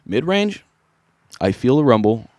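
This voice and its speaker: A man's voice: fairly low pitch, lively intonation, normal speed, heavy background noise. A man giving a casual, easygoing singing tutorial as a vocal coach.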